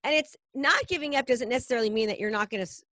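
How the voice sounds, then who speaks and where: A woman's voice: on the high side, very fast, sharp tone, no room sound. A woman hosting a podcast interview in a casual, upbeat and encouraging chat. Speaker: podcast host.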